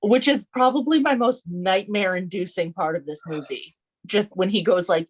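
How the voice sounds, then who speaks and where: A woman co-hosting a podcast in casual chat, giggly, quoting film lines in high voices, with a slightly husky voice. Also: normal speed, poor audio. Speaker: podcast co-host.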